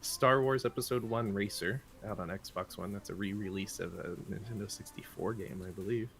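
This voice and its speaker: A man co-hosting a gaming morning show, reading the day's game releases briskly and making playful asides. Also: lowish voice, creaky, a bit bright. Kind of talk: casual morning show banter.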